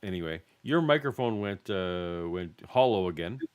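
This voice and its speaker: A man hosting a casual podcast, talking in halting phrases and searching for words. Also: deep voice, lively intonation, smooth. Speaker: podcast host. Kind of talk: casual chat.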